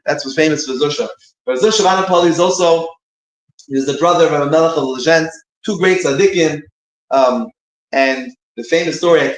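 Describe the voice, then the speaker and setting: A man giving an informal teaching talk, rambling and restarting as he searches for words. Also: fairly high pitch. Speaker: speaker giving a short talk between prayers. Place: synagogue room. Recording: echoey room.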